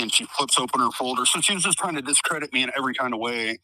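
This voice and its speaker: Midwestern guy spilling a story, lots of "you know what i mean", swears a ton, sharp bright voice. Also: mid-range voice, rapid-fire, dry recording, rough recording. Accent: Midwestern American. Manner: profane, rambling, uses many fillers; acts out quoted dialogue. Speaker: interviewee, trial witness. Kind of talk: casual storytelling interview.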